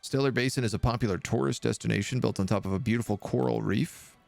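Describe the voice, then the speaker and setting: A man voicing a talkative male town mayor in a video game, speaking in a brisk, chatty, faintly disdainful way. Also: mid-range voice, creaky, a little mellow, no echo, faint music behind. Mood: informative.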